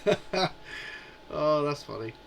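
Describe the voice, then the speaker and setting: A man's voice: on the high side, animated, extremely slow, gravelly, faint music behind, poor audio. A man in his forties hosting a live stream, chatting in a rambling, amused way. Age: 40s. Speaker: livestream host. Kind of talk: casual live chat.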